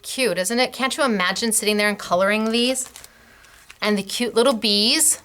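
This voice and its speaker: A middle-aged woman hosting a craft class, chatting warmly and gushing over samples, laughing often. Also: on the high side, moderate pace. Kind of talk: casual product demo.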